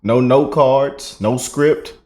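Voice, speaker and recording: A man's voice: medium pitch, takes it slowly, dark tone. A man hosting casual political commentary, folksy, laughing and calling his audience y'all. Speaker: commentary channel host.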